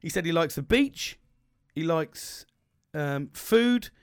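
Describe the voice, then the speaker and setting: A man's voice: a little high, animated, slow, smooth, dry recording, studio quality. A man hosting a podcast, talking casually, swearing a lot and rambling with restarts. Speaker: podcast host.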